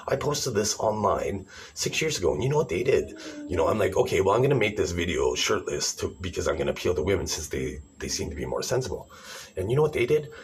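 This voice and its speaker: A man's voice: deep voice, a little hiss or hum. A man ranting in a rambling, sarcastic, profane monologue to camera, calling people idiots. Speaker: vlogger.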